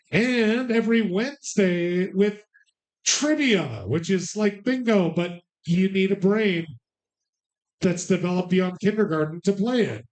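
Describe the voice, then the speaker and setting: This bar bingo host has a high, somewhat mellow voice. Between number calls at the live event, he trades loose, sarcastic, profane jokes with the crowd.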